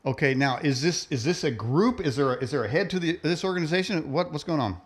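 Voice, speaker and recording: Casual male host, fairly high voice. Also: lively intonation, quick pace, slightly rough. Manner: casual, plain-spoken questioning. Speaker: show host. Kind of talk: casual interview.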